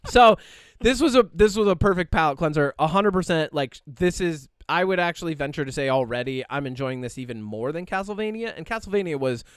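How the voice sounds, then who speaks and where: A man's voice: fairly high pitch, lively intonation, fairly quick, clean tone, dry recording, studio quality. A man co-hosting a podcast in casual chat, rambling animatedly with lots of fillers and quoted asides. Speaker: podcast co-host.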